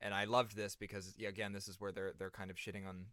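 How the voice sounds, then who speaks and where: A man's voice: on the low side, level tone, quick pace, sharp tone, dry recording, studio quality. A man co-hosting a movie podcast, recapping the plot, laughing often, swearing casually. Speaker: podcast co-host. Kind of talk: casual movie-review chat.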